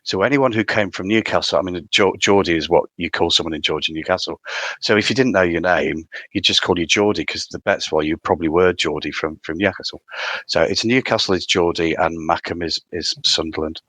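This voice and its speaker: A man's voice: low voice, a little fast, fairly bright tone, no echo. A man from North East England with a northern accent, a theatre guest talking casually on a podcast and often restarting his sentences. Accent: North East English.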